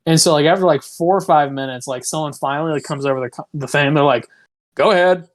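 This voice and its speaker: Speaking fast in a slightly high, steady-toned voice, this young podcast co-host rambles through a long story. He keeps it casual, leaning heavily on "like" and cursing without restraint.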